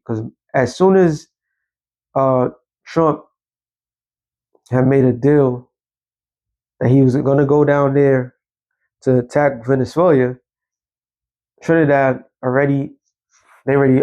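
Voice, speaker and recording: A man's voice: medium pitch, dark tone. Blunt preaching man, dull lo-fi sound. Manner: blunt, scolding, scripture quoting. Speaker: religious commentator. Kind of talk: preaching commentary.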